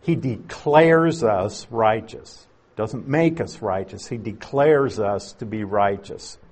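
A man's voice: on the low side, slow pace, darkish tone, husky. A man teaching through scripture in an expository sermon, patient and explanatory, leaning on key words to drive his points home. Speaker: Bible teacher.

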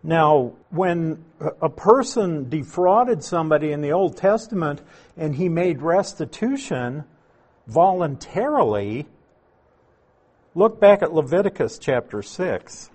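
A man's voice: on the high side, sing-song, slow, a little mellow. A man preaching a conversational expository sermon, explaining Greek words with asides to the listeners. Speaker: pastor.

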